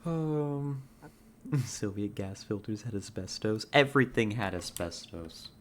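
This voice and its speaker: Laid-back Californian woman streamer on a headset, unhurried, faint keyboard typing behind. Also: rumbling low, lively intonation, a little hiss or hum. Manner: laid-back, giggly, chats with viewers. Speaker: game streamer. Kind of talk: casual live-stream chat.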